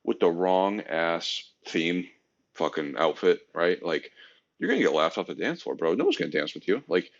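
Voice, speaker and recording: A low-voiced man with vocal fry talks at a normal pace, and the audio sounds dull. He's an army engineer veteran co-hosting a podcast, spinning army stories in casual, profane bro-speak. His storytelling is animated, and he acts out other people's voices.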